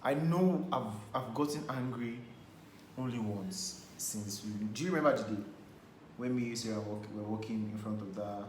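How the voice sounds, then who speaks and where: Young man, co-host, expressive and playful; echoey room, faint hum. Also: on the low side, normal speed. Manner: expressive, bursts of laughter, playful protest. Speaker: co-host of a couples channel. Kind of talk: casual chat.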